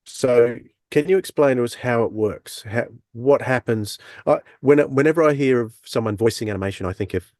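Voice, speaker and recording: A man co-hosting a podcast who asks his questions in a hesitant, halting way. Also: medium pitch, a little mellow, no echo, clean studio sound. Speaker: podcast co-host. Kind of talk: casual interview questions.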